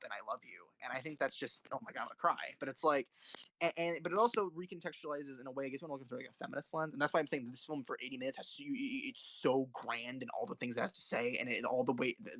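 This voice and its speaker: A man giving casual, opinionated film commentary, rambling with many restarts and fillers, profane and excitable. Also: mid-range voice, dry recording, clean studio sound. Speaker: filmmaker and author ranking films.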